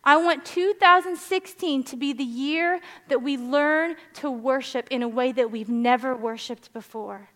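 A woman preaching a sermon in a church, telling a personal story with animated, excited peaks. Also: sits high, unhurried, hardly any pauses. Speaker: pastor. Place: church sanctuary. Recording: long hall reverb.

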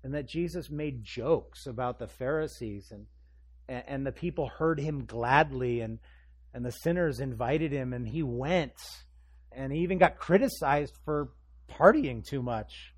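A man preaching a sermon in an animated way, acting out scripture voices with rising emphasis. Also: medium pitch, unhurried, breathy edge, no room sound. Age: adult parent. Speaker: pastor.

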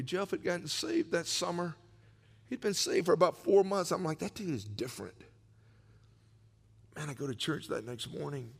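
A middle-aged male pastor preaching his personal testimony, telling it with animated swings from hushed asides to shouts. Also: on the high side, vocal fry. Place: church sanctuary. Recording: long reverb of a large church hall.

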